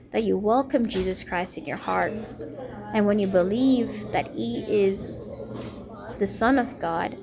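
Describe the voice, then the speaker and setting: Woman, young adult, vlogger, earnest, rambling, personal testimony, mid-pitched, faint hiss. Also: creaky. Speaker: vlogger speaking to camera. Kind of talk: personal testimony and religious appeal.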